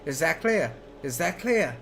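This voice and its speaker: A man's voice: fairly high pitch, sing-song, a little slow, vocal fry, fairly bright tone, a little hiss or hum, pitched above the performer's own voice, exaggerated voice. A man doing a patient professor in broken English. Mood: probing. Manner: short questions in broken English.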